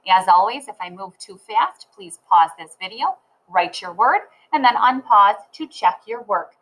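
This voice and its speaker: A woman teaching a phonics lesson to children, sounding out letters and words slowly and clearly. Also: medium pitch, animated, a bit bright, rough recording.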